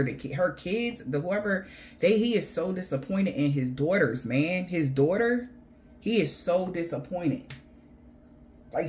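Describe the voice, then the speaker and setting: A woman giving a casual spiritual reading, rambling and blunt, swearing freely. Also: on the low side. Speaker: tarot reader.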